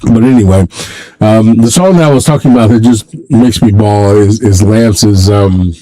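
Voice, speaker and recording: A man hosting a casual solo livestream from home, rambling and halting, talking in a sentimental way. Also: on the low side, mellow, low-quality recording. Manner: rambling, halting, many restarts; emotional, sentimental. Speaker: livestream host.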